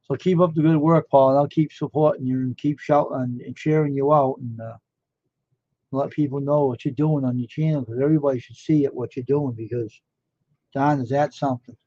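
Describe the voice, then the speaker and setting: A man's voice: medium pitch, steady tone, brisk, dark tone, dry recording. A man chatting casually on a live stream, rambling and amazed, firing off one question after another. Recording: dull lo-fi dry sound.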